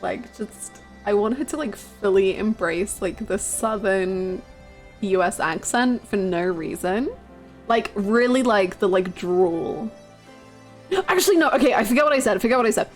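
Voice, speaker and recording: A woman's voice: medium pitch, normal speed, soft background music. Giggly woman streamer. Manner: giggly, playful. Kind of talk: casual reaction stream.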